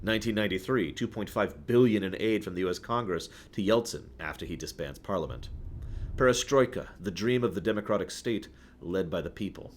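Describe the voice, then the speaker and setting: A man's voice: low-pitched, expressive, a little fast, slight background noise. A man streaming, reading game lore aloud and chatting with viewers in between. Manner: chatty, reads aloud and greets chat.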